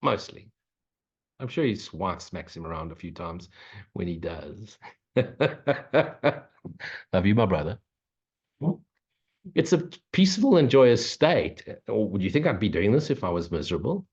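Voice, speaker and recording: A low-voiced man gives a spiritual Q&A talk in a blunt, profane, joking way. The recording is dull and lo-fi. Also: big pitch swings, a little slow, breathy edge. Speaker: spiritual teacher. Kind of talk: casual Q&A talk. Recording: muffled, lo-fi recording.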